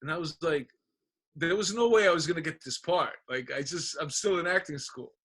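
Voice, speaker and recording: A man trades stories as a guest in a loose podcast chat. His voice sits a bit high for a man. He acts out every line of dialogue with heat and does not hold back on swearing. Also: fairly quick. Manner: animated storyteller acting out dialogue, profane. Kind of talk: casual chat, storytelling.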